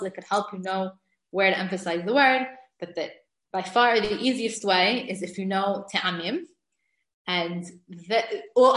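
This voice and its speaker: A woman's voice: medium pitch, a bit bright. A middle-aged woman teaching a recorded lesson on Hebrew grammar, explaining rules eagerly and reading verses aloud. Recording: echoey room.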